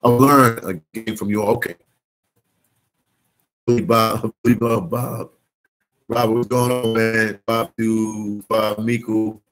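Guy doing a live travel vlog, lowish voice, reads chat out, gets loud and animated. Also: slow, long pauses, faint music behind, poor audio. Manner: reads viewer comments aloud, slangy and animated. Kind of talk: casual live-stream chat. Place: in the Dominican Republic.

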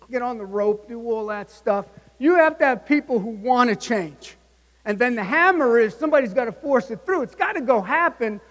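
A man in his sixties giving a motivational keynote speech, punchy and emphatic, often checking in with the audience. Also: very high-pitched. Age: 60s. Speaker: keynote speaker. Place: large conference hall. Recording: long hall reverb.

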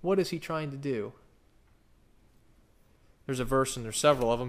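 Man preaching in a casual, rambling way. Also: medium pitch. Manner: casual, rambling preaching with asides and repeated restarts; reads scripture slowly and emphatically. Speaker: pastor. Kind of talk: sermon.

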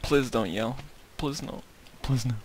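A man's voice: mid-range voice, a little slow, slight background noise. A man playing a game with a friend, chatting casually, often laughing and yelping in surprise. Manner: giggly, startled yelps. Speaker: Let's Play gamer. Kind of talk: casual gaming banter.

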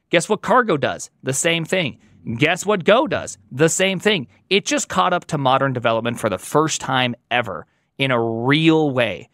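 Opinionated guy ranting about tech stuff, kinda high voice, super dry sound. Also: dry recording. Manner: animated, opinionated, emphatic. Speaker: podcast guest. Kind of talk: casual tech chat.

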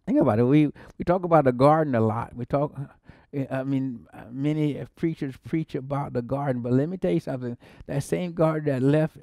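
A man with an American accent preaching a sermon, his voice mellow and warm at a middle pitch. He repeats words, exclaims often and climbs to emphatic peaks, with short laughs between phrases. The sound is close and dry. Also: dry recording. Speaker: pastor.

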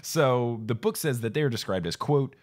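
A man's voice: medium pitch, animated, normal speed, a little mellow. A young man hosting a podcast in casual chat with his sister, laughing often and acting out quotes from the book. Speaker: podcast host.

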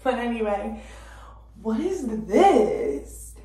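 A woman in her twenties chatting casually to camera, rambling with lots of fillers, swearing freely, and breaking into sudden loud bursts. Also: a little high, lively intonation, drawn-out words. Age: 20s. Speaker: vlogger. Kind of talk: casual chat. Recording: roomy, distant from the mic.

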